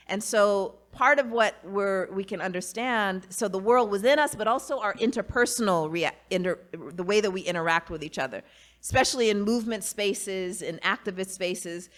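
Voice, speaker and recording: A woman's voice: mid-range voice, fairly bright tone. A woman guest speaking earnestly and reflectively in a conversation, often adding "you know" and "right". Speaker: guest, academic and author. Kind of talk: casual conversation.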